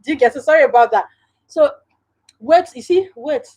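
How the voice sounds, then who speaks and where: A woman's voice: high voice, moderate pace, a little mellow, poor audio. A woman with a Nigerian English accent hosting a casual live stream from home, chatting directly to viewers and laughing often.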